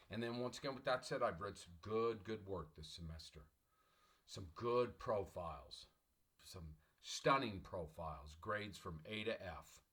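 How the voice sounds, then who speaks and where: Lecturing online, this middle-aged English professor repeats himself with emphatic, motivational energy and keeps clearing his throat. His voice sits on the low side and sounds a bit bright.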